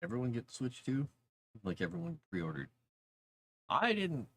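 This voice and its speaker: A man's voice: medium pitch, huge pitch swings, measured pace, gravelly, slight background noise. A man chatting casually on a live stream while writing fantasy lore, rambling, talking to his cat and reading chat aloud.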